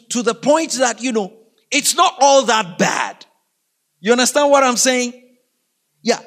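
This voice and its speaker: A man preaching a sermon, reading scripture slowly and with emphasis and calling on the congregation to repeat after him. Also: very high voice, fairly bright tone.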